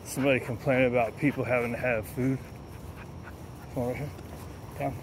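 A man's voice: medium pitch, fairly even intonation, brisk, background noise. A man vlogging casually while he trains his dogs, telling stories between short, firm commands. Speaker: dog trainer. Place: outdoors with dogs.

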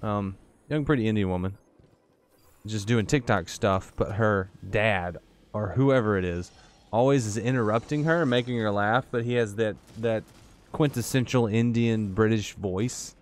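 A man's voice: lowish voice, moderate pace. A tired man giving rambling, joking commentary to himself while playing a video game. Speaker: gaming YouTuber. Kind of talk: casual gameplay commentary.

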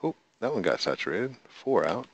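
Low, gravelly man, unhurried let's-play host who mutters to himself while playing. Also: sing-song, noisy background. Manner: chatty, talks to himself and counts aloud; talks to the in-game animals. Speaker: gameplay video host. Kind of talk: casual gameplay commentary.

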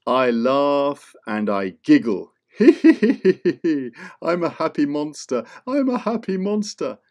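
A man's voice: medium pitch, wildly swooping pitch, slow pace, exaggerated voice. A man voicing a cheerful, giggling male monster for a children's storybook, laughing in a sing-song way. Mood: gleeful.

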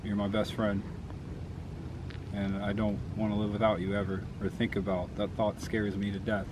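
A man's voice: on the low side, level tone, moderate pace, background noise. A young man talking outdoors in an earnest, heartfelt way. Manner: earnest and heartfelt, then playful. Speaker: boyfriend. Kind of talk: casual chat. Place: outdoors in a garden.

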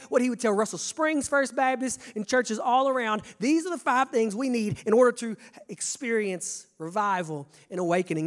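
High-voiced preacher in echoing church. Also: male voice. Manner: energetic preaching with stammered restarts, swings from quiet to shouting. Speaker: pastor. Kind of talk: sermon. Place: church sanctuary. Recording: long church reverb.

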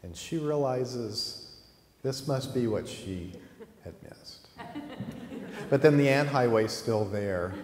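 A man teaching at a college, telling a story in a lively way and acting out the characters. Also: medium pitch, slow, pauses often, roomy sound, in a large hall. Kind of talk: storytelling during a lecture.

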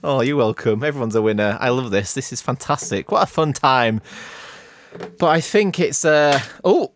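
A man's voice: mid-range voice, animated, normal speed, slight background noise. A man hosting a podcast, chatting in a playful, jokey way. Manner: playful, jokey, self-mocking. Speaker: podcast host. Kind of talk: casual chat.

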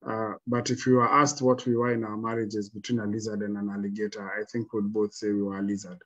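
A man speaking as a panel guest, giving reflective advice in a measured, halting way with frequent restarts. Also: lowish voice, level tone, a bit bright, highs cut off.

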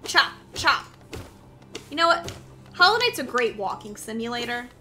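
Bright, lively high-voiced woman streamer. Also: brisk, faint music behind. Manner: playful, silly, talks to chat. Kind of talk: casual gaming stream chat.

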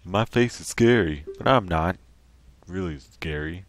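A man's voice: sits low, expressive, measured pace. A man voicing a scary-faced male gravedigger, speaking in a put-on accent. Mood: boastful.

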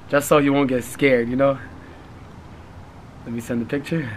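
A man's voice: mid-range voice, little pitch movement, moderate pace, long pauses, a little hiss or hum. A man in his late twenties, chatting casually in a prank vlog, laughing through his words in loose slangy talk. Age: late 20s. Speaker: vlogger pranking friends.

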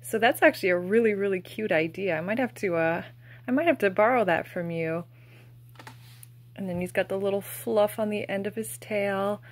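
A young woman gushing softly as she unboxes plush toys, with breathy exclamations and a casual, fond way of talking. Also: mid-range voice, normal speed.

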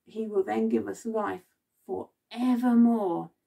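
Slow, gravelly woman telling a children's Bible story. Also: on the high side, recorded from a distance. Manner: expressive, asks children questions. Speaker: children's Bible club leader.

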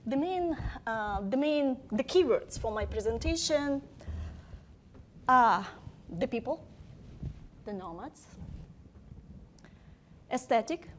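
A woman giving an academic lecture, speaking deliberately and emphatically, often posing rhetorical questions. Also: sits high, animated, a little hiss or hum.

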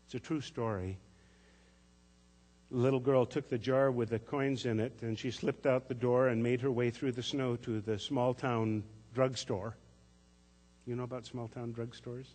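A male pastor preaching to his congregation in a husky, mid-pitched voice, unfolding a story gently and with measure. His words ring out with a long reverb in the church sanctuary. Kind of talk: sermon.

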